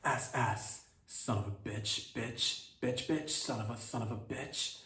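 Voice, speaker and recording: A man's voice: medium pitch, slow, sharp tone, roomy sound. Man doing a stiff politician cussing clumsily. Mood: sputtering. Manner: clumsy nonstop swearing, blustering. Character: stiff male politician forcing awkward cusses.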